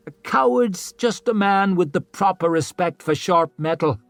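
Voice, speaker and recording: A man's voice: sits high, animated, moderate pace, gravelly, no echo, faint music behind, pitched above the performer's own voice. Man voicing a wry old veteran warrior. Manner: dry, sardonic. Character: weary, wry veteran male warrior, older.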